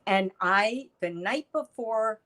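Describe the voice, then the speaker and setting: Guest, middle-aged woman, unhurried delivery, animated storyteller. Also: mid-range voice, rough recording. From United States. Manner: animated storyteller, acts out quoted lines. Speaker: podcast guest, artist. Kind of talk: storytelling interview chat.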